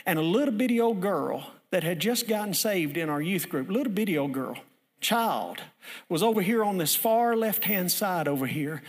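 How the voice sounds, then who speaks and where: Animated preacher in a reverberant hall. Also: male voice, high-pitched, normal speed. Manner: folksy, animated, building to shouting. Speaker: pastor. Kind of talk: sermon with storytelling.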